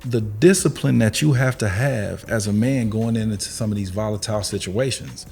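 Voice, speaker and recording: A man's voice: fairly low pitch, moderate pace, vocal fry, darkish tone, soft background music. A man co-hosting a podcast, making emphatic, preachy points in casual chat. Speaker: podcast co-host.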